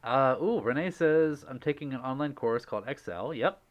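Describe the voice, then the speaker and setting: A man chatting on a casual livestream, reading viewer messages aloud with a bouncy, sing-song delivery. He is giggly and excitable, leaping up and down in pitch as he gushes his thanks. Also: moderate pace. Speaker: livestream host.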